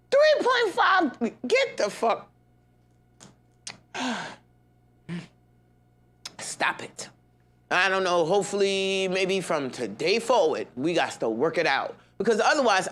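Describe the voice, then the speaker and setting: A young adult woman hosting a podcast, ranting in a heated, profane monologue, swinging between loud outbursts and low grumbles and laughing through her words. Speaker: podcast host.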